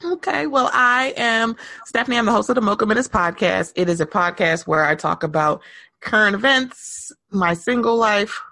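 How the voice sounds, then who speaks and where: A woman in her thirties, a podcast host, talks in an animated, sing-song way with a lot of laughter. Her voice is bright and swoops widely in pitch. The sound is dry and close. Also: normal speed, dry recording. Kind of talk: casual chat.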